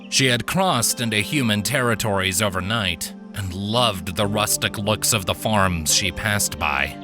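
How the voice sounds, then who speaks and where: A man narrating a fantasy short story in an expressive storytelling manner, with faint music behind him. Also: on the low side, unhurried.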